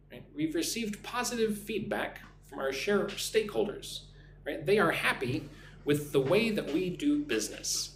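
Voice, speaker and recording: A man teaching English on a live stream, drilling pronunciation slowly and deliberately and thanking viewers by name. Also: medium pitch. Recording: roomy echo with faint hum.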